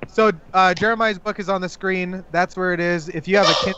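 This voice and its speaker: High-voiced man, loose podcast chat. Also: steady tone, a little fast. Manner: loose, joking, full of fillers. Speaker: podcast co-host. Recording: dull lo-fi sound with faint noise.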